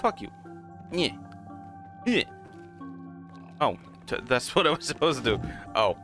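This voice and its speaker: A man's voice: medium pitch, very animated, measured pace, fairly bright tone, faint music behind. A man casually commenting on a game as he plays, rambling and chuckling at himself. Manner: rambling, self-mocking, laughs often. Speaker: gaming channel host. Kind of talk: casual let's play commentary.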